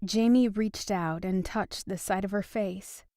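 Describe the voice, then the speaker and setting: A woman narrating a romance audiobook in an even, steady storytelling manner. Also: medium pitch, a little slow, no echo, studio quality. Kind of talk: scripted narration.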